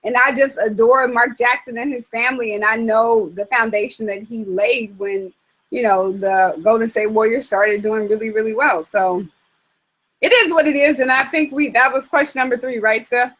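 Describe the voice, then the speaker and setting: A woman's voice: fairly high pitch, fairly even intonation, moderate pace, fairly bright tone, rough recording. A woman hosting a casual chat show, talking in an emphatic, opinionated way with many fillers. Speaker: host.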